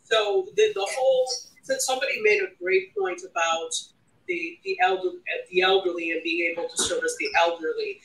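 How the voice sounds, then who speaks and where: A woman speaking as a guest in a casual panel discussion, animated and emphatic, often restarting her sentences. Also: sits high, moderate pace. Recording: echoey, distant from the mic.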